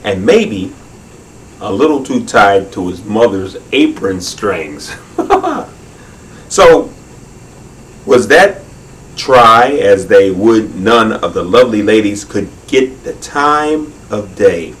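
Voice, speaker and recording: Man reading a children's story, slow drawn-out phrasing, animated ups and downs, distant mic. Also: lowish voice. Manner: unhurried, with leisurely drawn-out phrasing.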